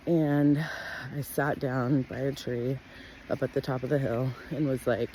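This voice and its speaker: A woman's voice: measured pace, a little hiss or hum. A woman telling her own life story to camera in a candid, blunt way, swearing freely and filling her talk with "like.". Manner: blunt and profane, with frequent "like" fillers; animated, jumps in pitch when acting out her own past words. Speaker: wellness practitioner sharing her life story.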